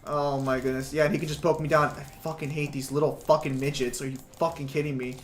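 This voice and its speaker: A man's voice: fairly high pitch, level tone, fast, slight background noise. A young man streaming games from home, chatting casually to his viewers, rambling with lots of fillers and swearing constantly. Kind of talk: casual gaming stream chat.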